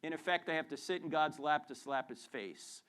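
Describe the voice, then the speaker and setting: A man giving a lively apologetics lecture to a student audience in a university hall, joking and quizzing the crowd with questions. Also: on the high side, moderate pace, clean tone. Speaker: Christian apologist speaker.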